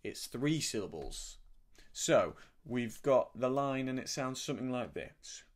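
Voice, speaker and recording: A man in middle age teaches harmonica, talking through the notes in an easy, gentle manner. His voice sits at an ordinary middle pitch. Now and then he hums short syllables to show the sound he means. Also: big pitch swings, unhurried. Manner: gentle, explanatory, demonstrates by humming syllables. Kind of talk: relaxed spoken music lesson.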